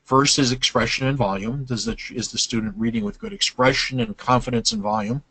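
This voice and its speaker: A man's voice: mid-range voice, expressive, fairly quick, vocal fry, bright, forceful tone, a little hiss or hum, low-quality recording. An older man presenting a webinar to teachers, explaining step by step with many fillers and restarts.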